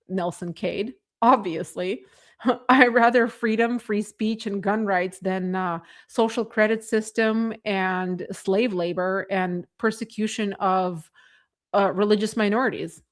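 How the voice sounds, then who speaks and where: Chatty woman hosting a livestream. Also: mid-range voice. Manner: chatty, laughs often, reads viewer comments. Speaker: livestream host. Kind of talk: casual livestream commentary. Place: home.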